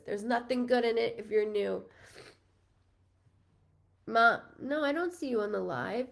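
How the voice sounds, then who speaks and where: Gravelly-voiced chatty woman in her thirties. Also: a little high, unhurried, pauses often. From New York, USA. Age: 30s. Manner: chatty, rambling, apologetic and emotional. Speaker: psychic medium. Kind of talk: live-streamed reading.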